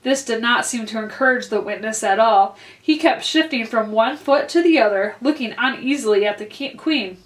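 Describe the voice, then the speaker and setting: A woman's voice: on the high side, moderate pace, few pauses. Woman reading a storybook aloud in a roomy room. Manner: clear, expressive read-aloud. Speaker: librarian reading to children. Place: library. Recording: roomy echo.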